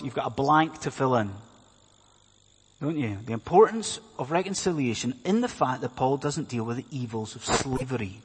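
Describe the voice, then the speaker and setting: A mid-range male voice, with a little hiss or hum on the recording, delivers an emphatic sermon. He puts many rhetorical questions to the congregation, and the church hall gives it a reverberant sound.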